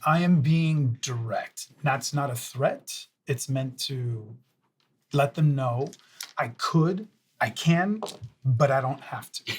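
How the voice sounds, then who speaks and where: A man's voice: mid-range voice, slow, slightly rough. A man playing a tabletop role-playing game, casually thinking aloud as he describes what his character does. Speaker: player.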